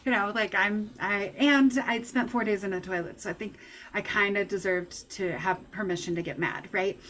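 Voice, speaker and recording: A woman giving a lecture, telling a personal story in an emotional, animated way. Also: mid-range voice, moderate pace, low-quality recording. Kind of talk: personal testimony talk.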